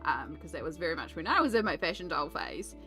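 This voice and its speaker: Faint music sits behind a deep, sing-song, slightly bright female voice that moves fast. She's an art streamer in her thirties with an Australian accent, chatting and laughing as she colours, sometimes mimicking sarcastic adult tones.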